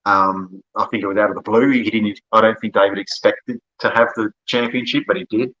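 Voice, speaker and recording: A man's voice: lowish voice, fairly even intonation, brisk, a bit bright, lo-fi sound. A man with an Australian accent, a podcast guest telling long, rambling stories and laughing often. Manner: rambling storyteller, laughs often, self-corrects. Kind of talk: casual conversation.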